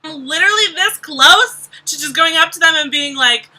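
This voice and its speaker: A woman's voice: high-pitched, lively intonation, moderate pace, sharp tone, rough recording. A young woman vlogger telling a storytime in a chatty, sarcastic way, full of "like". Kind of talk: casual storytime.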